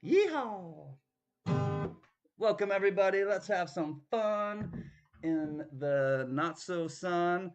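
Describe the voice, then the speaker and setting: A playful man greets his live-stream viewers one by one, drawling slowly and slipping into snatches of song. His voice sits a little high for a man. Soft guitar plays underneath. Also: steady tone, lo-fi sound. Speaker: auction host. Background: guitar music.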